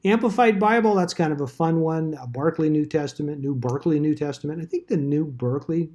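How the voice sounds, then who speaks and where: A man's voice: on the high side, fairly quick, a little mellow. A man teaching a Bible study class in a casual, rambling way, with dry asides.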